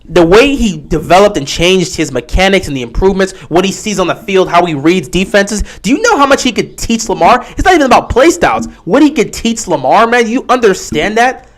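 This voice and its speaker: Animated young man hosting a livestream. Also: high-pitched, fairly quick, few pauses. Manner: animated, answering chat questions. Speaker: livestream host. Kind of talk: casual livestream commentary.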